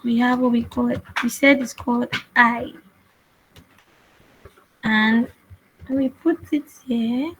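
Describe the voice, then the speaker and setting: A woman's voice: fairly high pitch, steady tone, slow, pauses often, slightly rough, dull audio. A woman teaching web development in a screen-share coding tutorial, explaining patiently and repeating herself with frequent restarts.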